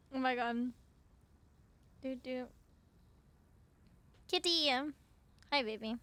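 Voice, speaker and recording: Young woman streamer, unhurried, casual chat and soft baby talk to her pet. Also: high voice, steady tone.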